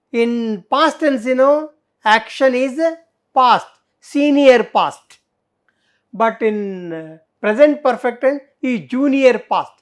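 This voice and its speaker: A middle-aged woman teacher, explaining grammar in a classroom lesson, full of fillers and rhetorical questions. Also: a little high. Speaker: English teacher.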